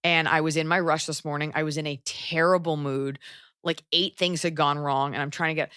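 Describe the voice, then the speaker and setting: A woman in her forties hosting a podcast, giving blunt advice in a casual chat, animated and quick with asides and swearing. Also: low-pitched, clear, resonant tone, no room sound, studio quality. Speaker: podcast host.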